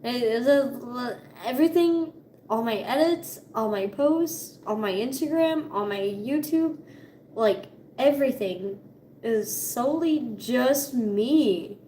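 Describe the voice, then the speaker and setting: A young woman with a high voice talks freely to her camera, casual and profane. Her voice rings in an echoey room. A faint hum of ambience sits behind her. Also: lively intonation, slow pace, mellow. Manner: chatty, swearing, laughing often. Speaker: vlogger. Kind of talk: casual chat.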